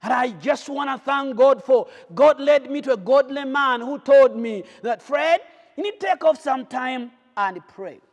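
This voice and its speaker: A man preaching a sermon, fervent, swinging between shouted lines and quiet ones. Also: very high-pitched, lively intonation, a little slow, lo-fi sound. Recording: long hall reverb.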